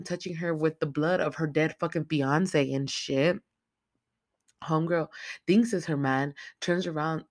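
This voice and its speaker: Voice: medium pitch, no room sound. Profane, slangy film-recap speaker, dry sound. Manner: profane, slangy, animated retelling; acts out characters' lines in quotes. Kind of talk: casual movie plot recap.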